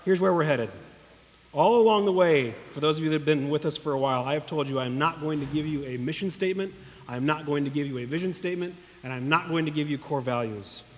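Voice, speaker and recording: A pastor preaching a sermon in earnest, emotional tones, speaking directly to his congregation. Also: a little high. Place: church hall. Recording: long echo of a large hall.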